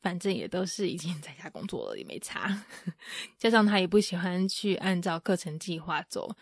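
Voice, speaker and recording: Calm woman. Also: on the low side, moderate pace, dry recording, clean studio sound. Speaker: narrator. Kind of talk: calm recap narration.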